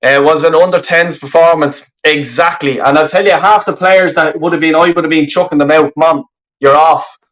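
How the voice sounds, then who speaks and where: Speaking through a webcam in a rough recording, this fan channel host hosts a live football fan stream, rambling angrily through his complaints with heavy swearing. His fairly high, fairly bright voice holds a steady tone and moves briskly with hardly any pauses.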